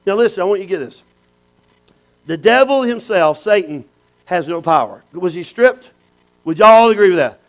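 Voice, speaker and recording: A high-voiced man preaching a sermon. He talks to the congregation in a loose, lively way, drops low for asides and climbs into loud cries. The talk swings between quiet and loud. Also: moderate pace, long pauses, rough recording. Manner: animated preaching that swings from soft asides to shouts. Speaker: pastor.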